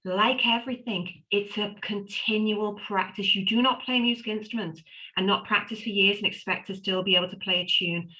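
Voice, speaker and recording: A woman's voice: mid-range voice, fairly even intonation, brisk, sharp tone, poor audio. A middle-aged woman, presenting an online wellbeing workshop with upbeat, emphatic lists and repeated phrases. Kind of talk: live online workshop talk.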